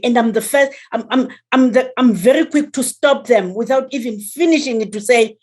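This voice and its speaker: A woman in a casual group video call who speaks haltingly and emotionally, repeating her words. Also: a little high, a little mellow. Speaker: group member.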